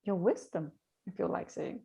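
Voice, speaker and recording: A woman's voice: fairly low pitch, lively intonation, normal speed, gravelly, mellow. A woman co-hosting a chat over a video call, talking casually and laughing easily. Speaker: co-host.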